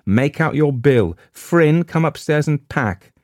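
A man's voice: on the high side, expressive, slow pace, a little mellow, no echo, clean studio sound, pitched above the performer's own voice. A man reading an audiobook, voicing a curt, harsh-speaking young husband under strain. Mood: tense.

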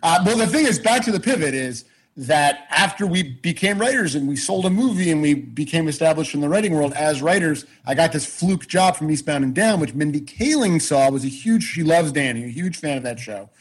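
A man telling a personal career story in casual chat on a podcast, animated, swearing freely and often restarting his sentences. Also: fairly high pitch, a little fast, slightly rough, rough recording. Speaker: podcast guest.

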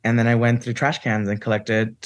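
A man's voice: mid-range voice, level tone, brisk. A man from Santa Ana, California, a guest actor telling stories in a chatty interview, full of "like" and "you know.". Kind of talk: casual storytelling interview.

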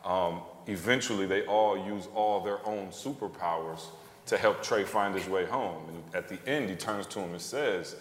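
A man's voice: sits low, moderate pace. A man in his thirties, an author and podcast co-host, telling a story on a live stage and acting out the quotes with animation. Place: stage before a live audience. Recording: roomy hall reverb.

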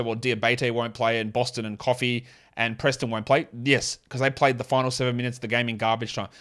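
A man with an Australian accent hosting a fantasy basketball podcast, talking through rotations and stats in quick, rambling analysis full of restarts. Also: medium pitch, fairly bright tone. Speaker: podcast host.

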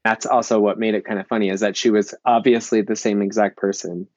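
A man's voice: fairly low pitch, level tone, fast talker, a little mellow, dry recording, lo-fi sound. A man chatting casually as a panelist in a film discussion, peppering his talk with "like". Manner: chatty, lots of "like".

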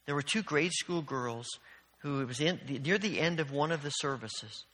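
A man preaches from the front of a church, his voice bright and forceful and pitched a little high. He tells stories earnestly and with animation, and his words ring out with the long reverb of the sanctuary. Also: moderate pace. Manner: storytelling with animated, earnest delivery. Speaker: pastor. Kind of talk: sermon.

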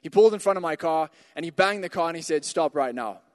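A man with a fairly high voice delivers a sermon in a church. He tells a personal anecdote in a chatty way, then pushes into forceful calls to his listeners. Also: fairly even intonation, rapid-fire, smooth, big-room sound. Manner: storytelling, builds to emphatic exhortations. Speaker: pastor.

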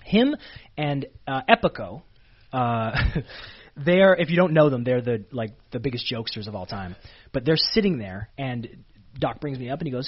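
A man's voice: mid-range voice, normal speed, slightly rough, highs cut off. A man from Canada, a pro wrestler telling stories in a casual interview, full of fillers and restarts. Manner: animated storyteller, many fillers and restarts.

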